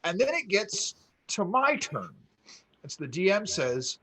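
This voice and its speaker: Male podcast co-host, animated storyteller, high-ish voice that swings widely. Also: moderate pace, rough recording. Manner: animated storyteller, acts out quotes with rising excitement. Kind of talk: casual storytelling chat.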